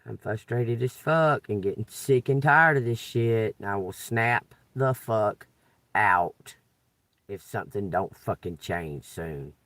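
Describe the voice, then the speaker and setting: A woman's voice: a bass voice, animated, slow pace, a bit bright, no echo. A woman ranting in a profane, agitated way, recorded a little away from the mic in a dry car. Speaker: tarot reader. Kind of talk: unscripted venting vlog.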